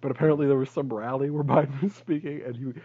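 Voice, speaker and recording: A man's voice: medium pitch, steady tone, quick pace, dark tone, muffled recording. A man co-hosting a comedy podcast, chatting loosely and laughing often. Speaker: podcast co-host. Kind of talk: casual comedy chat.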